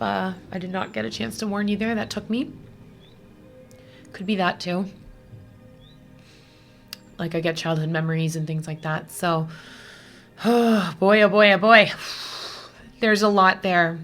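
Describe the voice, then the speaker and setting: Bright-voiced chatty woman tarot reader. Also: on the low side. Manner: chatty, rambling, digressive with many fillers; emotional, easily moved. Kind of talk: casual tarot reading to camera.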